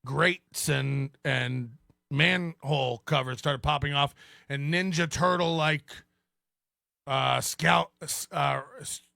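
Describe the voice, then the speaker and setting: A man's voice: fairly high pitch, slow pace, vocal fry, bright, forceful tone, dry recording, clean studio sound. A man hosting a podcast, ranting in a mocking, sarcastic tone and laughing at his own remarks. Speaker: podcast host. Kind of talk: ranting commentary.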